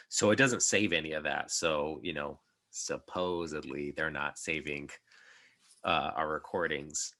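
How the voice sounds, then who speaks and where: Brief: young male podcast host, low voice with a bright edge, rambling casual chat. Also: moderate pace. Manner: rambling, many fillers and restarts.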